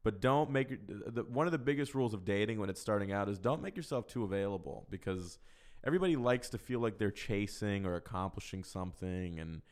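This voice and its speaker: A man's voice: fairly low pitch, expressive, brisk, darkish tone. A man hosting a solo podcast, answering listener questions in casual chat, talking frankly and profanely with a rambling, loose flow. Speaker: podcast host.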